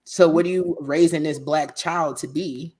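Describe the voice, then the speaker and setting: A woman's voice: deep voice, fairly even intonation, moderate pace, a little mellow, slightly rough. Frank, laughing woman podcast co-host. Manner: frank, profane, laughs often. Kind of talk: casual chat.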